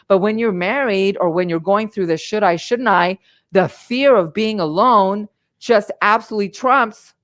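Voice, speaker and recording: A middle-aged woman on a live stream, giving a passionate motivational talk as a coach, emphatic and full of repeats. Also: mid-range voice. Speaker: life coach and livestream host.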